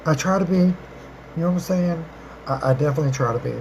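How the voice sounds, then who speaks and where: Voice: fast talker, darkish tone, slight background noise, poor audio. An adult live-stream host chatting casually with viewers, affectionate and talkative, calling everyone darling and baby, often rephrasing themselves. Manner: chatty, repeats and rephrases, with swooping pitch jumps. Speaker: livestream host answering viewer questions.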